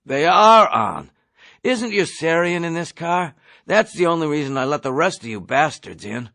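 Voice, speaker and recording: Male reader voices a stubborn boozy airman, rough and raspy-edged, audiobook. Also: fairly high pitch, big pitch swings, normal speed, pushed and bright, dry recording, clean studio sound, voice pushed up, exaggerated voice. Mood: defensive.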